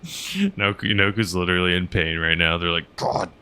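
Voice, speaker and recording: A man's voice: sits low, normal speed, pushed and bright, clear, resonant tone. A man chatting casually on a gaming livestream, rambling with lots of fillers and reading chat messages aloud. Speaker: game streamer and helicopter pilot.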